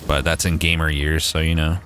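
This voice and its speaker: A man's voice: a bass voice, flat delivery, brisk, a bit bright, faint music behind. A man chatting casually on a livestream, swearing freely and saying "like" a lot, recorded on a studio condenser mic at home.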